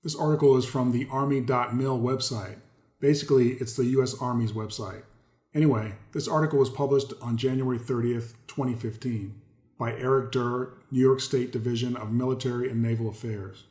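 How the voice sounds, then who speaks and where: A man's voice: mid-range voice, fairly even intonation, brisk, a little mellow. A man hosting a commentary video, reading articles aloud and stressing key words, often speaking to viewers as folks. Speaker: host.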